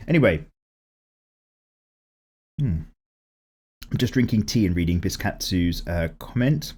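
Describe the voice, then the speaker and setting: A man's voice: low-pitched, measured pace, slightly rough. A man in his thirties hosting an art channel, chatting casually through viewer comments with a slightly strained, cracking voice and free swearing. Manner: chatty and lively, swears freely. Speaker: YouTube art channel host.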